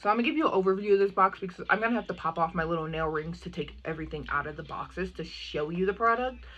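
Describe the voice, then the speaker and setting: A young adult woman chatting excitedly as a makeup vlogger, full of asides and "like". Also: on the low side, quick pace, slight background noise. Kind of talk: casual unboxing chat.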